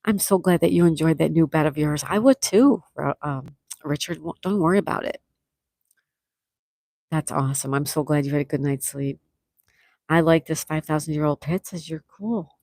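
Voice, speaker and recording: A woman's voice: deep voice, normal speed, a little mellow, dry recording, clean studio sound. A woman hosting a casual livestream, chatting and reading out viewer comments, laughing often. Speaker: livestream host.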